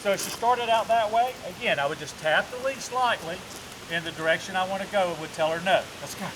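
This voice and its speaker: A man who is a dog trainer explaining a training demonstration step by step. He often checks in with a quick "okay?" and breaks into upbeat praise and commands for the dog. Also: high voice, noisy background.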